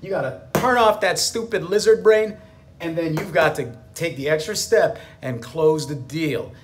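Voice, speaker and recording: A man's voice: a little high, moderate pace, slight background noise. A man, a business attorney, giving a motivational talk to camera, emphatic and fond of repeating his key phrases.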